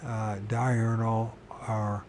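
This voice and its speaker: Slow, halting man reading aloud. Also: lowish voice, flat delivery, darkish tone, a little hiss or hum. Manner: halting reading, stumbles and corrects words, mutters to himself. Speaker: channel host reading aloud. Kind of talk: reading a book aloud with casual asides.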